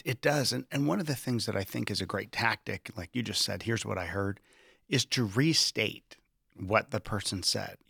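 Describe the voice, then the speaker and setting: Measured man talking in a dry room. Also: fairly low pitch, gravelly, bright, forceful tone, husky, no room sound. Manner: reflective, acts out quoted lines with shifting tone. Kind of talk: conversational discussion.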